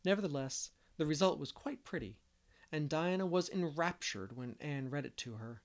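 A man reading a classic novel aloud as an audiobook narrator, steady and measured. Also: on the high side. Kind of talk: scripted narration.

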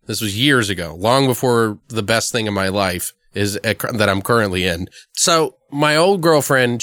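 Man, casual podcast host, rambling, profane, animated pitch, dry close sound. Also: no echo. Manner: rambling, swears freely. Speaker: horror movie podcast host. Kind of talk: casual chat, film review.

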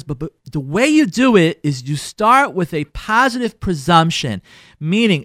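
A man's voice: a little high, big pitch swings, measured pace, a bit bright, dry recording, studio quality. A man giving a class as a rabbi, talking emphatically, repeating key phrases and mixing in Yiddish words. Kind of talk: lively lecture to a live class.

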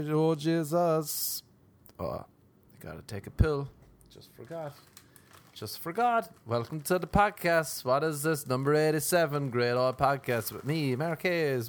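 A man's voice: fairly high pitch, expressive, measured pace. A man hosting a podcast in a rambling, jokey monologue, breaking into made-up jingles. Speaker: podcast host.

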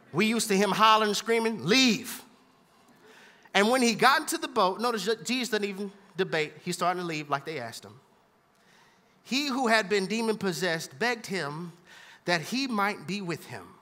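A man's voice: high-pitched, lively intonation, normal speed, sharp tone, long reverb tail. A man preaching a sermon, reading scripture and riffing on it in casual slang. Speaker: pastor.

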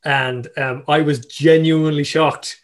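A man's voice: on the high side, fairly even intonation. A man chatting casually on a podcast, hesitant, trailing off and restarting often. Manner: hesitant, many fillers and restarts, quick agreement. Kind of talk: casual chat.

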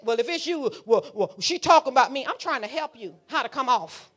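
A woman pastor preaching a sermon, talking to the congregation in a fiery, conversational way that swings from hushed asides to shouting. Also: high voice, expressive, brisk, soft background music. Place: church sanctuary.

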